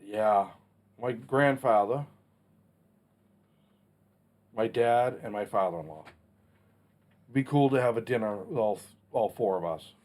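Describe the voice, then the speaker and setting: A man's voice: lowish voice, unhurried, darkish tone. A man in his forties hosting a casual Q&A vlog, talking in a blunt, plainspoken way with some mild swearing. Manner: blunt, plainspoken, mildly profane. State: has the hiccups. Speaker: channel host answering a Q&A.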